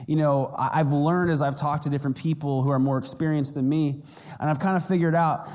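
Pastor guy preaching in church, animated, kinda self-mocking, big echoey hall. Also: a little high, fairly quick. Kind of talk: sermon. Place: church sanctuary.

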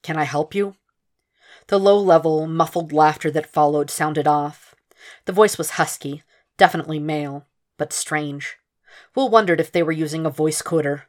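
A woman narrating a fan fiction audiobook in a steady, measured reading. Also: low-pitched. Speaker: podfic reader.

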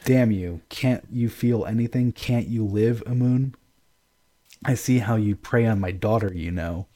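A man's voice: on the low side, measured pace, dark tone, close to an everyday voice. A man reading aloud, voicing a boisterous, volatile, drunken old emperor who bellows and mocks. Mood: mocking.

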